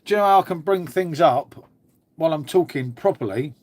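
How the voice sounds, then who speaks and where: A man's voice: fairly high pitch, expressive, a little fast, darkish tone. A man, hosting a live stream in a casual chat, chatty and matey, swearing freely and answering viewers. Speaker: beer channel host.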